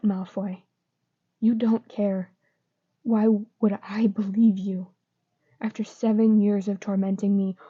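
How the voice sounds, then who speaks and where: Woman reads brooding teen boy wizard; flat, low-key, dark tone. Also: slightly rough. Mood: bitter. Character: troubled teenage boy wizard, guarded and self-blaming. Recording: dull lo-fi recording.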